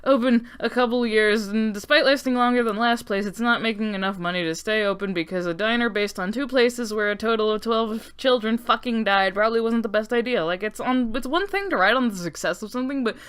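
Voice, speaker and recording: A woman's voice: a little high, fairly quick, few pauses, fairly bright tone, smooth. A woman hosting a casual lore breakdown, talking sarcastically with lots of swearing and joking asides. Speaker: video essay host.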